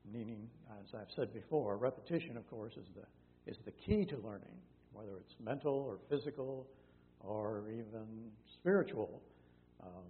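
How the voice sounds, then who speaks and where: Male pastor, casual Bible-study delivery with fillers and restarts, faint hum behind. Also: medium pitch. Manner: conversational, frequent fillers and self-corrections. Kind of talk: Bible teaching sermon. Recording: tinny phone-like sound in a reverberant hall with faint hum.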